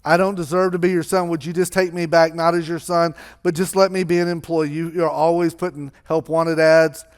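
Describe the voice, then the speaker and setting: A man voicing a remorseful young son who haltingly rehearses an apology to his father. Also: on the high side, little pitch movement, clean tone, close to an everyday voice. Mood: sheepish. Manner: hesitant, halting, restarts his words.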